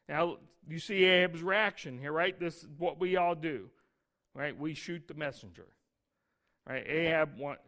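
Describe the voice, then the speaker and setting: A man's voice: a little high, unhurried, bright, forceful tone. A man preaching a sermon, explaining scripture in a conversational way with frequent rhetorical questions and reading verses aloud with emphasis. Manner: conversational Bible teaching with asides and rhetorical questions. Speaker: pastor.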